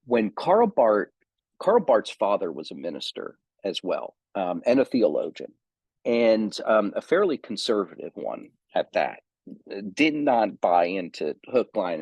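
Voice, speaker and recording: A man's voice: deep voice, darkish tone, husky, dry recording. A man giving an unscripted seminary lecture on theology, thinking aloud with many ums and self-corrections.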